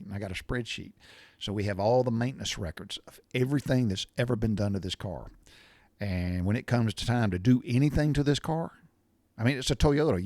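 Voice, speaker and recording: A middle-aged man, telling a rambling, blunt story in a casual monologue and often clearing his throat. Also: fairly low pitch, darkish tone, no room sound. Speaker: podcast host.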